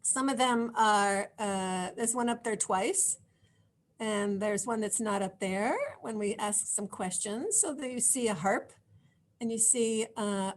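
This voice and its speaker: A woman's voice: medium pitch, creaky. A woman hosting a casual online party and quiz, chatty and joking, who laughs easily. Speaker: party host. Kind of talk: casual hosting on a video call. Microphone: video call.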